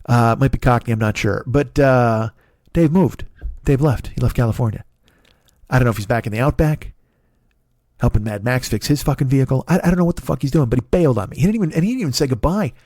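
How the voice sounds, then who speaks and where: A man's voice: medium pitch, quick pace, darkish tone, dry recording, clean studio sound. A man in his fifties giving a rambling, self-deprecating comic monologue, swearing often and restarting sentences. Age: 50s. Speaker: comedian and podcast host.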